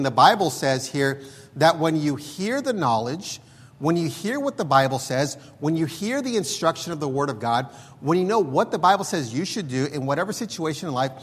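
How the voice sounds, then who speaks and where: A man's voice: fairly high pitch, breathy edge, long reverb tail. A man preaching a sermon, reading scripture aloud in an emphatic, pleading way.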